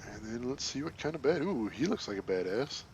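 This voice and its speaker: A man's voice: mid-range voice, very animated, brisk. Guy doing let's play commentary, jokey and laughs a lot, normal mid voice, bit of faint hiss. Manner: chatty, jokey, laughs often, playfully pedantic. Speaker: gaming channel host.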